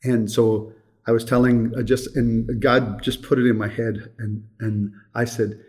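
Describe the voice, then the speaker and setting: A man's voice: on the low side, flat delivery, normal speed, a little mellow. An older man who directs a children's home, telling a heartfelt story in an interview with earnest repetition.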